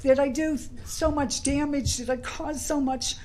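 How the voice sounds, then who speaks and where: A woman from Pittsburgh giving a personal recovery talk, animated and laughing, shouting at peaks, then soft and earnest. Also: sits high, measured pace, a little hiss or hum, low-quality recording. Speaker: recovery meeting speaker. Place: convention hall.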